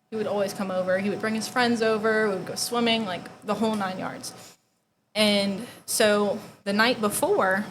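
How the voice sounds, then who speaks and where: This is a young woman with a mid-range voice telling her own story over a noisy background. Her delivery is conversational and stuffed with "like," fading to near-whispers at the hardest points.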